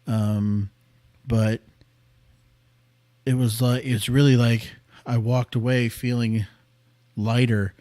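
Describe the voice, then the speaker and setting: Man in his thirties, podcast host, mid-pitched voice, earnest rambling story, dead dry close mic. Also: flat delivery, takes it slowly, pauses often, dry recording. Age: 30s. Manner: rambling, earnest, often drops quiet. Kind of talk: personal storytelling. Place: small studio room.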